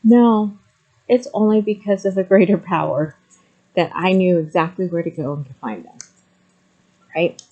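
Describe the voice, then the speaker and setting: Earnest woman, mellow voice, muffled sound. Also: on the low side, normal speed, long pauses. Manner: frequent ums, hesitant then emphatic. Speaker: vlogger sharing personal story. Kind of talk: candid personal talk to camera.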